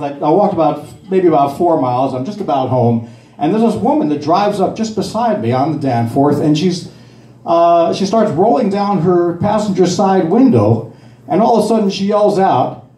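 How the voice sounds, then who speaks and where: A man in his sixties doing amateur stand-up comedy, rambling and halting, with many fillers and restarts. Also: a little high, warm tone, echoey room. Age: 60s.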